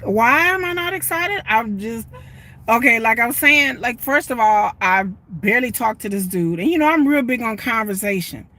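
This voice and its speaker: Bright-voiced chatty woman. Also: fairly high pitch, moderate pace. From Texas. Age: 40s. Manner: chatty, animated, often laughs and says y'all. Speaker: vlogger. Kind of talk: casual live-stream chat. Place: inside a parked car. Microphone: phone held at arm's length.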